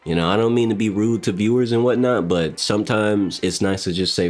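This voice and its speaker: A man's voice: on the low side, brisk, hardly any pauses, a little mellow, faint music behind. A young man hosting a game livestream, rambling casually with chat and swearing often. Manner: rambling, profane, talks to chat. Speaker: livestream gamer host.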